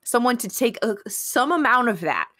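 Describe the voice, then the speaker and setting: A woman's voice: a little high, big pitch swings, normal speed, a bit bright, no echo, studio quality. A woman giving wry commentary on an improv comedy show. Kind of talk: casual comedy banter.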